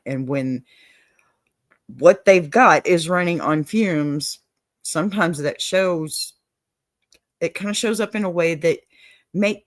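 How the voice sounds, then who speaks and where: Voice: mid-range voice, no room sound. Southern-accented host with a dry close sound. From Texas. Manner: warm encouraging, peppered with "okay?" and "y'all". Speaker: advice show host. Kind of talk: casual advice-show monologue.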